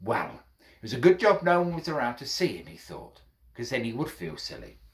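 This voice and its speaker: Male storyteller, playful and very animated. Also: mid-range voice, a little fast. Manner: playful, addresses listeners as friends. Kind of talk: children's folk tale storytelling.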